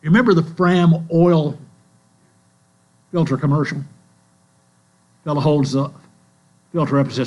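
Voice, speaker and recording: An older man preaching a sermon in a church, telling stories in a slow, earnest way. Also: fairly high pitch, a little mellow. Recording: mains hum in the background.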